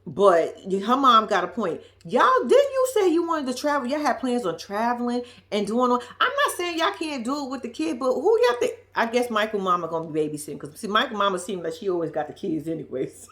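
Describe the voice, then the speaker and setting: A woman talks straight to her viewers as she recaps a reality show, blunt and sassy, cussing without a second thought. Her voice sits at a middle pitch but swoops up and down with lots of animation. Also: a bit bright. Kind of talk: casual recap commentary.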